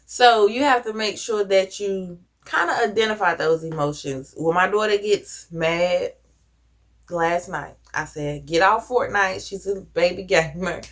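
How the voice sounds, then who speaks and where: A woman's voice: lowish voice, measured pace. A woman vlogger talking earnestly to camera, giving conversational advice with casual slang. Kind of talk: reflective personal talk to camera.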